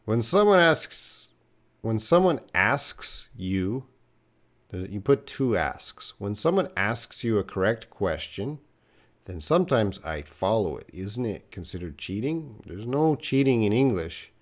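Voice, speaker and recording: A man's voice: lowish voice, big pitch swings, takes it slowly. A man teaching English on a live stream, answering viewers' questions with patient explanations and example sentences.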